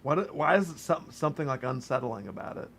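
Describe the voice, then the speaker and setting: A man's voice: mid-range voice, expressive, fast, a bit bright, husky. A man co-hosting a livestream, chatting casually and swearing easily. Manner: laid-back, swears casually. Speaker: livestream co-host.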